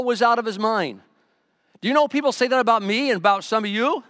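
High-voiced pastor guy preaching, gets loud then drops quiet, dry close sound. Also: fairly quick, dry recording. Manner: emphatic preaching, swinging between loud urgent lines and quiet asides. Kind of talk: sermon.

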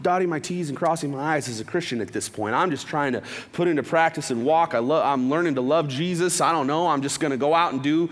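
A man giving a casual, animated testimony at a church, full of slang asides and quick restarts. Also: fairly high pitch. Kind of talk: sermon testimony storytelling. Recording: long reverb of a large hall.

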